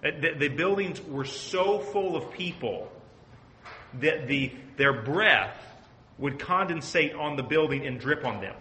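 A man's voice: on the high side, expressive, measured pace, bright, forceful tone, a little hiss or hum. A man teaching a Bible study as pastor, earnest and asking his group questions. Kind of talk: conversational sermon. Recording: echoey room.

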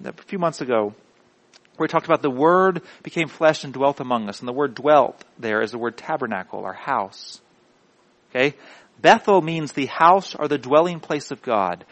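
A male pastor delivers a sermon in a voice sitting a bit higher than most men's. He drives his points home with repeated, emphatic declarations. His delivery swings between hushed passages and loud, building climaxes. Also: lively intonation, normal speed, low-quality recording.

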